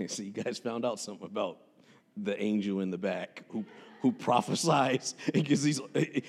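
A man's voice: mid-range voice, normal speed, big-room sound. A man preaching a sermon as pastor, punchy and joking, with street slang. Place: church sanctuary.

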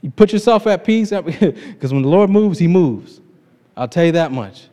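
A man's voice: high voice, expressive, a little slow, mellow. A man preaching an informal sermon, retelling a scripture story in his own casual words, with frequent laughs. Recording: long reverb of a large hall.

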